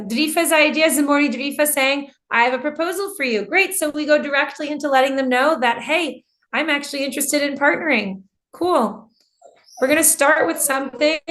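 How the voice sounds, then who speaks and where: A middle-aged American woman teaching an online English class from home, lively and quick to laugh as she talks. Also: high-pitched. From United States. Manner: lively, laughs often, apologetic. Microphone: computer mic on a video call.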